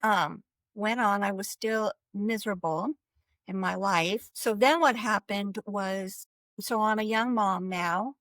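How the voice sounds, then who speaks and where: A woman giving a personal faith testimony as a guest, talking in an earnest, halting way with restarts and light laughs. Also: mid-range voice, a bit bright, no echo, low-quality recording. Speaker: guest sharing her life story.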